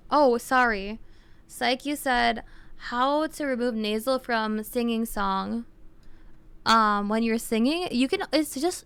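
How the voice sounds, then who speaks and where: A young woman talks casually to her live-stream viewers, wandering through explanations with constant "like"s and false starts. Her voice is very smooth and crisp, with a gravelly fry underneath. The sound is close and dry. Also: on the high side, dry recording. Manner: rambling, heavy use of "like", explains with restarts.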